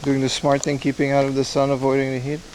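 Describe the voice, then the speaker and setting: The delivery is completely flat and fast, from a medium-pitched, slightly mellow male voice with a little hiss or hum. As a livestream host, he strolls through streets and a shrine in hot weather, chatting casually and rambling with viewers.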